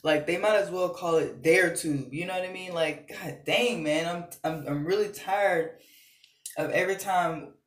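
A man's voice: high voice, normal speed, reverberant. A man ranting heatedly into his phone camera, swearing often and repeating himself. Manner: heated, profane, repetitive. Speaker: channel host. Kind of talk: angry ranting vlog.

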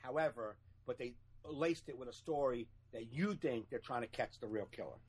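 A man co-hosting a podcast in casual chat, agreeable and quick to say "right, right". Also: mid-range voice, breathy edge. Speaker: podcast co-host.

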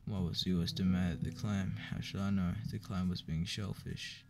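A man reading a joke book aloud in a flat, weary way, with profane asides. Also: low voice, normal speed. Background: clear background music.

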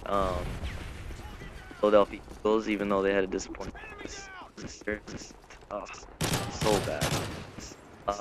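A man's voice: low voice, fairly bright tone. An eighteen-year-old man from Canada giving laid-back gaming commentary with lots of ums and uhs. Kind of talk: casual gameplay commentary. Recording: gunfire noise from game audio.

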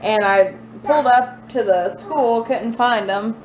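A woman's voice: on the high side, unhurried, darkish tone, dull audio. A woman in her thirties with a Southern US accent, chatting playfully and giggling while filming a casual vlog in her home kitchen. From Mississippi. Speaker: vlogger, mother.

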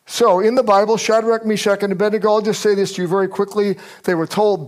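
A man's voice: sits high, fast talker, hardly any pauses. An older man preaching a sermon as pastor, telling stories with energy and acting out the people he quotes. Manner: animated storyteller, acts out quotes.

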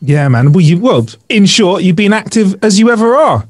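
A man hosting a podcast, jumping in with eager interjections and quick questions. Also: sits high, big pitch swings, darkish tone. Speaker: podcast host. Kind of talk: casual chat.

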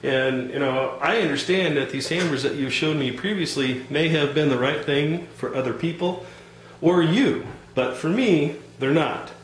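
A man playing a calm, polite customer who hesitates and fills his sentences while growing frustrated in a comedy sketch. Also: on the high side, normal speed, reverberant, slight background noise, natural voice, rough recording. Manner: calm, hesitant, over-polite, lots of fillers.

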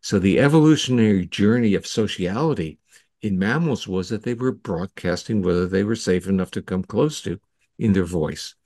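A man with a fairly low voice walks through his ideas like a lecturer, steady and patient with occasional restarts. The sound is dry and close, with little room around it. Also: moderate pace, dry recording. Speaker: guest scientist. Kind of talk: explanatory interview talk.

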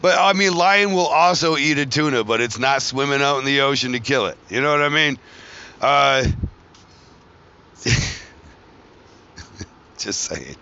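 A man's voice: mid-range voice, lively intonation, measured pace, pauses often, sharp tone, slight background noise. A man hosting a podcast, rambling casually from one tangent to the next, joking and swearing freely. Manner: joking, profane, wanders between tangents. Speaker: podcast host. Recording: dull lo-fi recording.

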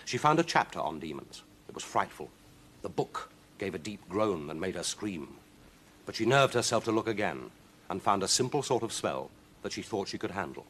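A man reading a children's story aloud in a lively, expressive way. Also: deep voice, moderate pace, husky.

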